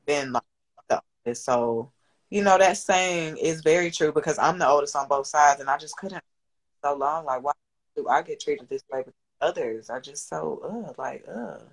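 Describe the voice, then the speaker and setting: This guest, a single mother in her thirties who runs a business, speaks openly and at length on a podcast, cursing freely and growing emotional. She has a low voice and a moderate pace, heard through a rough recording.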